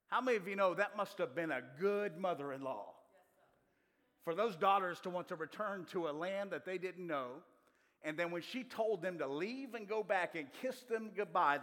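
A man's voice: high-pitched, lively intonation, normal speed, fairly bright tone. Man preaching in a reverberant hall. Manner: preaching with call-and-response questions to the congregation. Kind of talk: sermon. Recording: long reverb of a large hall.

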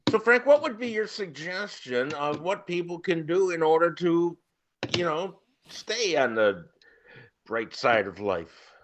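A man's voice: a little high, very animated, unhurried. A man hosting a podcast in casual chat, laughing often and tossing in jokey asides. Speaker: podcast host. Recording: dull lo-fi audio with faint noise.

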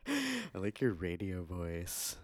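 A man's voice: deep voice, huge pitch swings, slow, no echo. A man co-hosting a podcast in casual chat, joking and laid-back. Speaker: podcast co-host.

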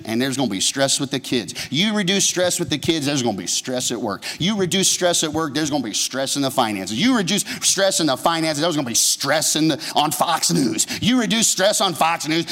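A man pastor delivers a lively sermon in a slightly higher voice, teasing his congregation and tossing them questions. The sound carries a long reverb tail from a church sanctuary. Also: brisk. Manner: humorous, conversational, asks the congregation questions.

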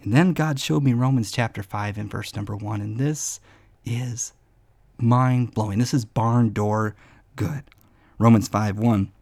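A man's voice: lowish voice, a little slow, a little mellow. A man hosting a devotional podcast. He teaches in a casual, earnest, storytelling way and often says "man.".

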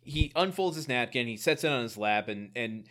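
A man co-hosting a podcast, recapping a sitcom in casual chat, animated and quick to laugh, with a slightly pedantic streak. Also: medium pitch. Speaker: podcast co-host.

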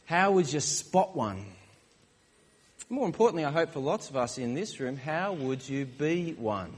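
Dad preaching a chatty sermon, kinda high voice, big hall reverb. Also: male voice, lively intonation, measured pace, husky. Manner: conversational, joking storyteller.

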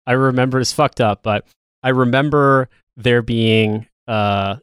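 A man's voice: medium pitch, fairly even intonation, measured pace, clean tone, no echo, studio quality. A man co-hosting a podcast in casual chat, rambling with stumbling restarts and swearing. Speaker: podcast co-host.

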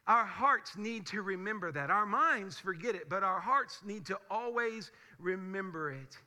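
A man's voice: sits high, animated, unhurried, sharp tone. A male pastor with a raised, ringing voice preaches to his congregation. He talks conversationally but presses his points with rhetorical questions. His words carry the long echo of a large church sanctuary. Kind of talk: sermon. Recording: long hall reverb of a church.

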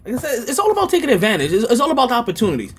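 A man's voice: extremely high pitch, huge pitch swings, racing, a bit bright, slightly rough. A man hosting a sports podcast, ranting in a rambling, repetitive and emphatic way. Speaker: podcast host.

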